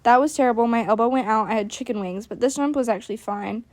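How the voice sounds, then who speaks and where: A young woman talks through her own footage in a loose, chatty voice-over, sprinkling "like" everywhere and being hard on herself. Her voice sits a little high. The sound is dry and close, with no room around it. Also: quick pace, a little mellow, no room sound. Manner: chatty and self-critical, with many "like" fillers. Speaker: equestrian vlogger. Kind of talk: casual voice-over commentary.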